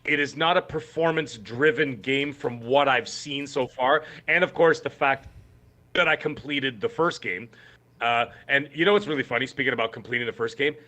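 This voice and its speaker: A man's voice: medium pitch, normal speed, pushed and bright. A man co-hosting a gaming podcast, talking in an emphatic, rambling way with many restarts. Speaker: podcast co-host. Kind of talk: casual podcast chat.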